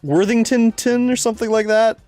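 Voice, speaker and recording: A man's voice: very high-pitched, fairly even intonation, a little fast, darkish tone, no echo, faint music behind. A man streaming a game in casual chat, rambling through stories, laughing often and reading game lines aloud.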